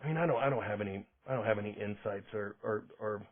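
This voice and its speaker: A man's voice: lowish voice, fast talker. Rambling man on a tinny line. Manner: rambling, self-interrupting. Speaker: podcast host. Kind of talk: casual monologue. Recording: tinny phone-like sound.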